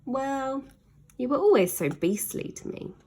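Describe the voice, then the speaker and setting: A woman voicing a mischievous, excitable young boy in a storybook reading, with eager, high-pitched exclamations. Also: measured pace, breathy edge, heavily acted. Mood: excited.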